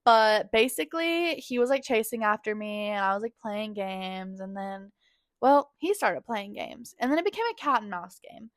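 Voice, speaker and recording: A woman's voice: medium pitch, normal speed, dry recording, clean studio sound. A woman in her twenties hosting a podcast, telling dating stories in a candid, profane, dramatic way with lots of "like". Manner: candid and profane, heavy use of "like"; animated, dramatic storytelling. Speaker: podcast host. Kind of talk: casual storytelling monologue.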